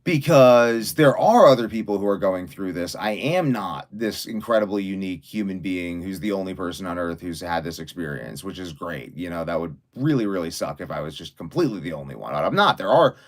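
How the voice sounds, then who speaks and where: Rambling young man, low voice. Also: lively intonation. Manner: fast, run-on talk with many fillers and restarts. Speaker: vlogger livestreaming while writing. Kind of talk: rambling live-stream monologue.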